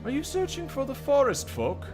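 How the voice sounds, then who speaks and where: A man voicing an eager, excitable child in a high, awkward falsetto. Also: moderate pace, music in the background, full character voice.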